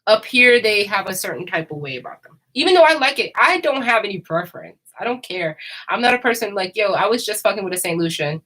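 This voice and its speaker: A woman's voice: mid-range voice, lively intonation, fast, bright, forceful tone, poor audio. A woman chatting casually and candidly, rambling and laughing often. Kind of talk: casual chat.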